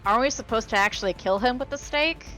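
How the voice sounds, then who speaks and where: A woman's voice: fairly high pitch, fast talker, a bit bright, faint music behind. A woman playing in a tabletop role-playing game, chatty, blunt and joking as she describes her character's moves. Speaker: player. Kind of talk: casual tabletop play.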